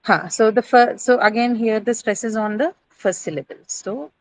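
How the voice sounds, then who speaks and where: A woman's voice: a little high, moderate pace, no echo, low-quality recording. A woman teaching an English class on word stress in a classroom, checking in with students and often adding "right?" and "uh".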